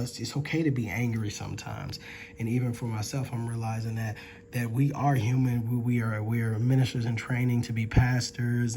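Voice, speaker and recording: A man's voice: medium pitch, mellow, slight background noise. A man and ministry student giving an earnest, reflective spoken chapter review, with fillers and restarts.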